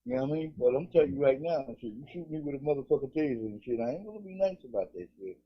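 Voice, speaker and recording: A man, co-hosting a casual podcast, telling animated stories and acting out voices. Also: mid-range voice, rapid-fire, breathy edge. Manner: animated storytelling, acts out cops, swears a lot. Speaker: co-host. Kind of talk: casual comedic podcast banter. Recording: dull lo-fi recording.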